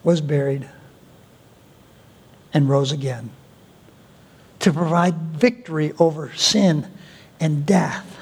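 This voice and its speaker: A male pastor preaching a sermon, with deliberate pauses and an emphatic delivery. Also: a little high, darkish tone, breathy edge. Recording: long hall reverb.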